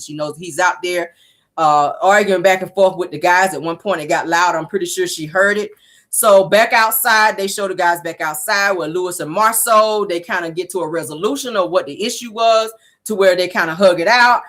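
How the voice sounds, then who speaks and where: A woman, casually recapping a reality show. She is blunt and sassy, swears freely, and acts out quotes with big jumps in pitch. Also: animated, a little fast, fairly bright tone.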